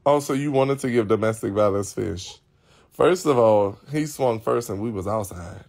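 A man's voice: fairly low pitch, normal speed, darkish tone. A man hosting a live stream, talking casually to his viewers in a blunt, profane and rambling way.

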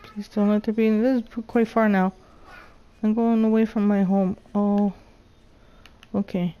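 A woman's voice: mid-range voice, level tone, unhurried, dark tone. A woman hosting a gaming channel, muttering to herself through a survival game with jittery, frightened chatter and sudden panicked yelps. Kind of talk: solo let's play commentary.

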